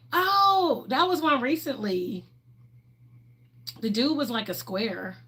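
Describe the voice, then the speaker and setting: A young woman with a Southern drawl talks casually to her livestream viewers. Her voice sits a little high, and she comes across as bubbly, outspoken and full of sass. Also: animated, slow, breathy edge. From Ohio, raised in the US South. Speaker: livestream host.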